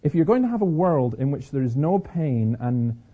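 Husky Scottish preacher with a sore throat. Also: male voice, a little high, normal speed. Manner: lively storyteller, repeats words as he restarts. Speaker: speaker. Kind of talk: preaching talk to an audience. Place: stage before an audience. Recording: slightly dull lo-fi recording.

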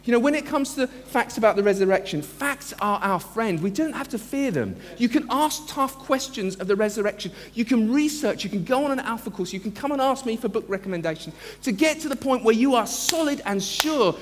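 A man preaching a sermon as a pastor, earnest and emphatic, slowing down to stress key phrases. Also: very high voice, animated, long reverb tail. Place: church.

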